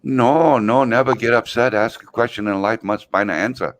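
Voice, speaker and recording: A man voicing a little old man who talks in clipped, broken English, calm and wise, while telling a joke. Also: low voice, very slow, dry recording, full character voice. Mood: wise, insistent. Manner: clipped broken phrasing, sing-song.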